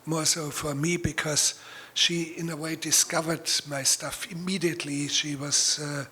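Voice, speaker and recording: A man with a German accent, a native German speaker, speaking in a measured, deliberate way as a guest author giving a talk and reading. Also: on the high side, little pitch movement, bright, forceful tone, slightly rough. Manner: measured, deliberate speech with pauses and fillers.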